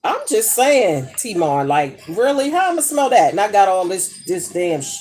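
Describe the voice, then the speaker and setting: A woman's voice: mid-range voice, very animated, moderate pace, hardly any pauses, a little mellow. A middle-aged woman chatting casually while she cooks in her home kitchen, brash and profane as she tells gossipy stories. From United States. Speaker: vlogger. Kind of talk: casual chat while cooking.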